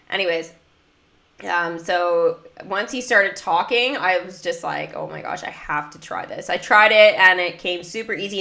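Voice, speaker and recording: Livestreaming a mobile game, a young woman from the US chats casually, bubbly and talkative with many fillers. The voice sits lowish and comes across pushed and bright.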